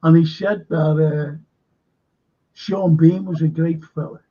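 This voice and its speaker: A man's voice: fairly high pitch, fairly even intonation, takes it slowly, mellow. A man telling a rambling anecdote in casual chat, acting out the quoted lines with gusto. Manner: rambling storyteller, acts out quotes animatedly. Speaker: show co-host. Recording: dull lo-fi sound.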